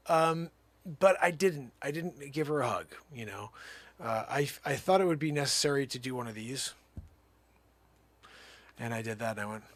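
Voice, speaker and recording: A man improvising a comic tall tale on a livestream, rambling with many fillers, swinging from hushed asides to loud bursts. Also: mid-range voice. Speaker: livestream comedian.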